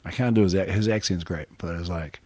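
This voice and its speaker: A man from New Zealand hosts a record show with loose, chatty patter between songs. His voice sits low, and the sound is dry and close with no room around it. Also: fast talker, husky, no echo. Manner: relaxed, rambling, chatty. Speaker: radio DJ.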